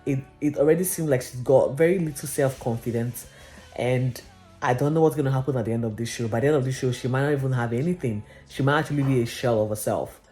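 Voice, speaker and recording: A mellow, unhurried voice runs through a reality TV episode in a casual vlog. The delivery is chatty and gossipy, and "literally" comes up again and again. Faint music plays in the background. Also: medium pitch. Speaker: reality TV recap vlogger.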